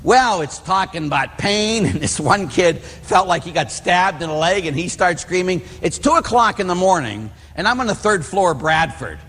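Animated storytelling priest in a reverberant hall. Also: male voice, sits high, moderate pace, few pauses, husky. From Pittsburgh area, United States. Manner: animated storyteller, acts out voices in quotes. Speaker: Catholic priest. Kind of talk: storytelling homily.

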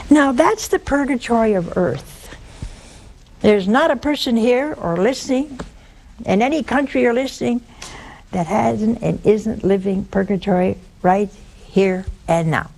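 An older woman teaches an audience in a homespun, conversational way. Her fairly high voice leaps up sharply for emphasis and then sinks low and soft. She talks like she is chatting with the room. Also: unhurried, creaky. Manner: animated, folksy, swings from high emphasis to low hushed tones. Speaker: religious teacher. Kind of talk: spoken Catholic teaching talk. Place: live talk before an audience.

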